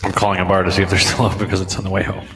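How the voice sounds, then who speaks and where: A man's voice: deep voice, monotone, rapid-fire, big-room sound, heavy background noise. A man hosting a podcast from a bar, chatting loosely and swearing freely after a few drinks, into a microphone on a stand. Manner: loose, profane, rambling. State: tipsy from drinking. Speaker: podcast host. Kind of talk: casual bar chat. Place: bar, indoors.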